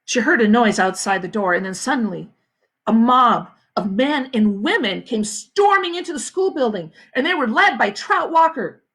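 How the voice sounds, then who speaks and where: A woman school principal reading a novel aloud to her students with expressive storytelling. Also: on the high side, normal speed, slightly rough. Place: home, livestream.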